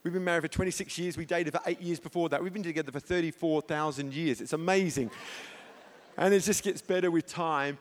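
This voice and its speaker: A middle-aged man preaching a sermon from a church stage, an animated storyteller who jokes and punches his comic lines loudly. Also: fairly high pitch, fairly quick, a little hiss or hum. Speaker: pastor.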